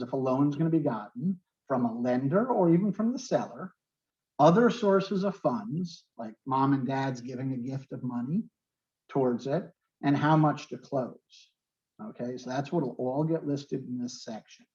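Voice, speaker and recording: A man's voice: fairly high pitch, darkish tone, dull audio. A man with a New York accent teaching a real estate class and explaining terms with everyday examples, often checking in with "okay". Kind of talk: online class lecture.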